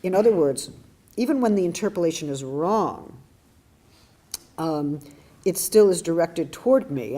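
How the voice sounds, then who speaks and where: A woman's voice: deep voice, mellow. A woman giving an academic lecture, telling a personal story in a thoughtful, wry, self-deprecating way, with frequent restarts.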